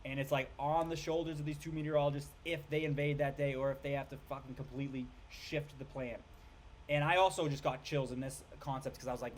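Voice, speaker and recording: A man ranting casually about a film, rambling, swearing and tripping over names as he gets excited. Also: medium pitch, quick pace, a little hiss or hum. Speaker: film reviewer. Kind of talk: casual rant review.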